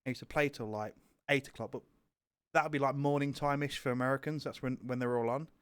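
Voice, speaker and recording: A young man with a British accent rambles through stories in casual podcast chat, his voice mid-pitched. He fills gaps with likes and ums and swears easily. The recording is dry, with no room sound. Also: fairly even intonation, quick pace, a bit bright, clean tone, no echo. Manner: rambling storyteller, swears, lots of fillers. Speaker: podcast co-host.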